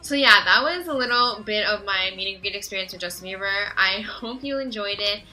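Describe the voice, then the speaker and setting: A teenage girl telling a story in a casual vlog, gushing and excitable and talking fast. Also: medium pitch, soft background music, low-quality recording. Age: teens. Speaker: vlogger.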